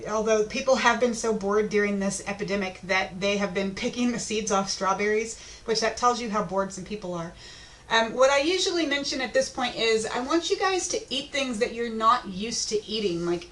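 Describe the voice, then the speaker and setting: A woman's voice: fairly high pitch, fairly bright tone. Chatty woman teaching an online lesson. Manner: chatty, informal, with filler ums.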